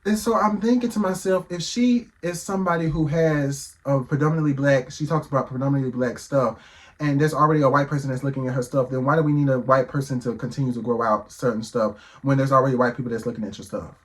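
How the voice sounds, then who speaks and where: A man's voice: medium pitch, fairly even intonation, fast talker. A man giving heated reaction commentary, firing off rhetorical questions and swearing freely.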